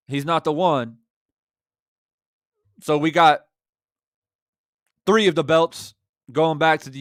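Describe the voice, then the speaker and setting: On a boxing live-stream, a male YouTuber reads super chats and talks directly to his viewers, brash and self-assured. His voice sits in the mid range, a bit bright with a clean tone, recorded dry in a clean studio setting.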